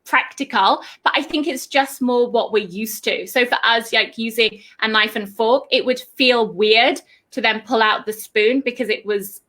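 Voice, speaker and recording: A woman's voice: fairly high pitch, moderate pace, hardly any pauses, fairly bright tone. A young British woman chatting casually on a live stream, talking in a loose, filler-heavy way. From United Kingdom. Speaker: English teacher co-host.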